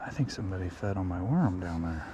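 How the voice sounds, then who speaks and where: A man filming himself fishing a small creek outdoors, chatting excitedly and talking to the fish as he reels them in. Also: low-pitched, fast, noisy background. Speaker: fishing vlogger. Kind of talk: casual on-the-spot fishing vlog.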